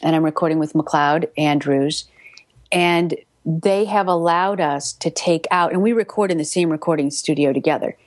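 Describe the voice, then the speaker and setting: Woman audiobook narrator, lower register, chatty and animated, dry studio sound. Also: no room sound. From United States. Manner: chatty, animated storytelling with many restarts. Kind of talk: casual interview.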